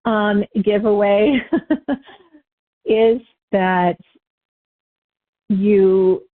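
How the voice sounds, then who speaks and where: A woman's voice: medium pitch, fairly even intonation, drawn-out words. A woman giving an unscripted spiritual teaching talk, loose and conversational, correcting herself as she goes with light laughs. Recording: tinny phone-like line.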